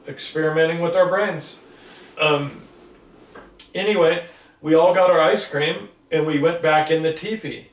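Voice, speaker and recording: Guy in his 60s, kinda high voice, rambling story, acts out quotes, echoey room, mic a bit far off. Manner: rambling storyteller who acts out what others said. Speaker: interviewee. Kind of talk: casual recollection. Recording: roomy sound from a distance.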